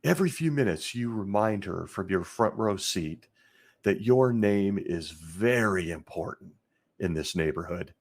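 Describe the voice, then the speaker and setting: A man hosting a podcast, telling a disturbing story in a slow, intense monologue with heavy pauses. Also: deep voice, expressive. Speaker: podcast host.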